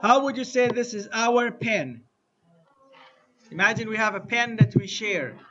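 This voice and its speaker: A man teaching an Arabic lesson to a class, drilling phrases slowly and having students repeat. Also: high voice, pushed and bright, lo-fi sound. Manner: slow, deliberate drilling with repetition to the class. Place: mosque classroom.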